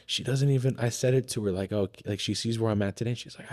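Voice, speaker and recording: A man's voice: medium pitch, fast talker, darkish tone. A man talking as a podcast guest, candidly telling a personal story in a casual conversation, swearing freely and with many fillers and restarts.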